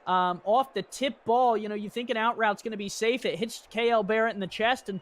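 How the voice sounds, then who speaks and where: A man's voice: high-pitched, steady tone, a little fast, fairly bright tone. A man giving color commentary on a football game in a joking, chatty way. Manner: joking, chatty, many fillers. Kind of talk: sports commentary.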